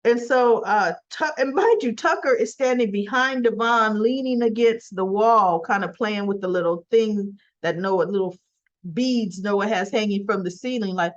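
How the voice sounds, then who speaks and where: A woman's voice: mid-range voice, moderate pace. A woman casually retelling a soap episode in a chatty way with frequent asides, in a dull lo-fi recording. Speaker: soap opera recap vlogger.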